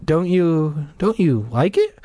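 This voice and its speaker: A man voicing a brisk, insistent middle-aged mother who is full of energy. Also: on the high side, sing-song, warm tone, dry recording, studio quality, pitched above the performer's own voice. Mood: eager. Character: energetic, pushy middle-aged mother, fast-talking artist.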